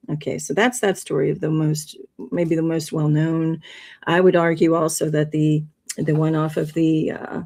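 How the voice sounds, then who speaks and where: A woman's voice: low-pitched, mellow. A woman hosting a livestream, talking casually and rambling a bit, with frequent laughs. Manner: rambling, chatty, laughs often. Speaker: livestream host. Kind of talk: casual presentation.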